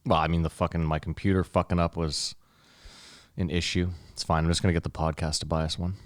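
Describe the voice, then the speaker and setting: A man's voice: sits low, little pitch movement, fast talker, dry recording, studio quality. A man co-hosting a podcast, chatting casually with friends, swearing and laughing as he talks. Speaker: podcast co-host. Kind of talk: casual chat.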